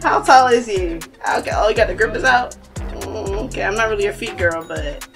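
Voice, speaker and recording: A young woman hosting a horror game playthrough, chatting playfully with viewers and reacting loudly to scares. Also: mid-range voice, moderate pace, over music. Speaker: gaming channel host. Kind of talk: horror game let's play commentary.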